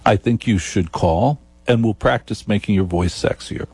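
A man from New Jersey with a New Jersey accent, hosting a comic radio talk show, playful and often dropping into a slow, low, seductive register. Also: darkish tone, slightly rough, dry recording. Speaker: radio host.

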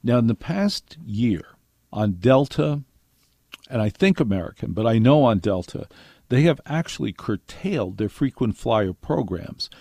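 Older male radio host, wry storyteller, gravelly voice. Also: medium pitch, big pitch swings, a little slow, mellow, no room sound, clean studio sound. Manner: wry storytelling with acted quotes. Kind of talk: monologue to listeners.

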